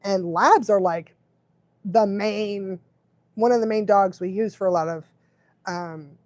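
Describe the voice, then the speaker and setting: A woman's voice: mid-range voice, a little slow, darkish tone, no room sound. A woman dog trainer giving casual live advice, chatty, often laughing and checking in with the listener.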